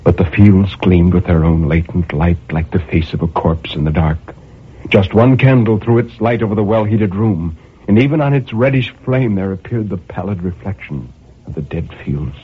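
A man's voice: low voice, moderate pace, husky. A man reading a dramatic first-person story in a brooding manner, with impassioned outbursts. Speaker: narrator. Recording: tinny narrow-band recording.

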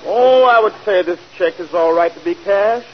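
An actor playing a polite, overly formal bank vice president in a radio comedy. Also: male voice, high voice, moderate pace, muffled recording, close to an everyday voice. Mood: courteous. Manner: formal, overly courteous, fussy. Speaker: bank official. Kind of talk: 1940s radio comedy acting. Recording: old radio broadcast, faint hiss.

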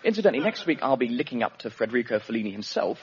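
Sarcastic male host, lively voice. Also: medium pitch, very fast. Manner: sarcastic, snide. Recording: dull lo-fi sound, loud hiss.

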